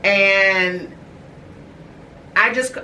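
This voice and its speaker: A woman in her thirties hosting a podcast, telling a personal family story in a candid, halting way with many fillers and restarts. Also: medium pitch, sharp tone, distant mic. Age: 30s. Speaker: podcast host. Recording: echoey room, voice from off-mic, faint hiss.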